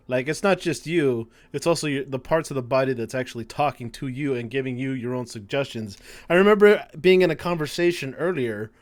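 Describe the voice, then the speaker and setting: A male streamer chatting casually through a live game session. He curses freely and stumbles when he reads lines aloud. His voice sits in an everyday middle range. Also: medium pitch. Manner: casual, swears often, stumbles while reading aloud.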